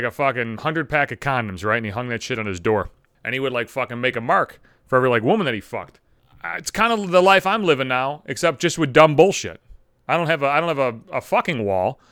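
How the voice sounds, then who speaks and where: Young man, podcast host, profane comic rant, exasperated, bright clear voice, dry close sound. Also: medium pitch, no room sound. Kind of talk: solo comedic podcast rant.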